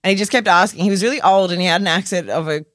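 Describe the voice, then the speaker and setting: A woman's voice: fairly low pitch, racing, fairly bright tone, dry recording. A woman, a podcast guest, telling rambling stories with dry quips. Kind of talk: casual comedy chat.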